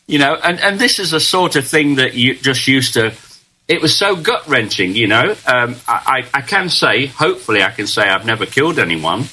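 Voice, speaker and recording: An older man from Britain recounts his memories as an interview guest, earnest and reflective, often pausing and restarting. His voice is bright and forward in tone at an ordinary pitch. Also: poor audio. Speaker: guest, veteran. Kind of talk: casual storytelling in an interview.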